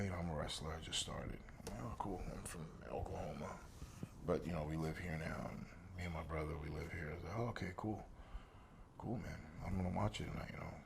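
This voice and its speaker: A former wrestler from New Jersey, appearing as an interview guest, tells a long, casual story and recounts old conversations. His voice is deep and gravelly, and he swears freely. Faint background noise sits under the recording.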